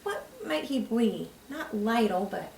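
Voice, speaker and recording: Speaking unhurriedly, a woman with a fairly high, expressive and creaky voice teaches parents how to read alongside their children, demonstrating with patience and encouragement. She is a reading teacher, recorded from a distance in a room with echo.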